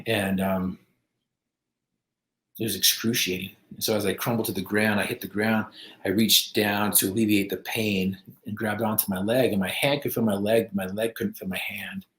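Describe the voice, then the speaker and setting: A man's voice: on the low side, level tone, normal speed, a bit bright, reverberant. A middle-aged man from the United States, telling his own story as a podcast guest, acting out his quotes, with many fillers. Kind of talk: storytelling in an interview.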